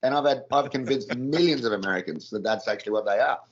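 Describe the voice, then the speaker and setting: A man with an Australian accent, a guest on a casual chat podcast, telling crude jokes in a deadpan way with a straight face. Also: medium pitch, fast, muffled recording.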